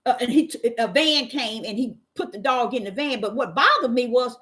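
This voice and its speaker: High-voiced animated woman streamer. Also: moderate pace, hardly any pauses. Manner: animated and exclamatory, addressing viewers as y'all; repeats phrases for emphasis. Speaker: live stream host. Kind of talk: casual storytelling monologue.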